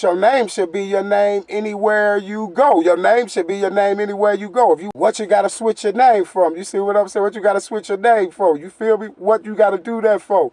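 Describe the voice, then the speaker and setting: A man's voice: high-pitched, fairly even intonation, brisk, a little mellow, no room sound. A man, a YouTube commentator, ranting emphatically and repetitively to his audience and addressing them again and again.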